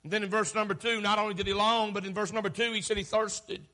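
A preacher delivers an impassioned sermon in a very high, bright, sharp voice. His delivery swells into shouts and then sinks back down low. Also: little pitch movement, fast talker.

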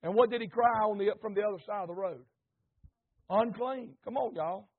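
Fervent husky preacher, high voice. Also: male voice, fast. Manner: fervent, rises to shouting, repeats phrases, rhetorical questions. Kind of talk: impassioned sermon. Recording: tinny phone-like recording.

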